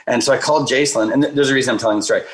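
A man telling a personal story in a casual conversation, animated and filler-heavy, acting out the voices he quotes. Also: mid-range voice, rapid-fire, low-quality recording. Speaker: guest speaker.

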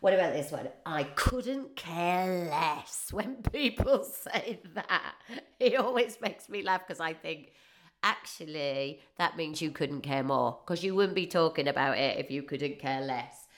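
Chatty Northeast English woman, lower-pitched. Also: a little slow. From northeast England. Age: 40s. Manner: rambling, jokey, laughs often. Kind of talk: casual comic monologue.

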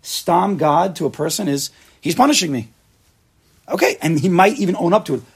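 A man leading an informal religious class, animated and full of rhetorical questions. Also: sits high, brisk, creaky, breathy edge. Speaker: Torah class teacher.

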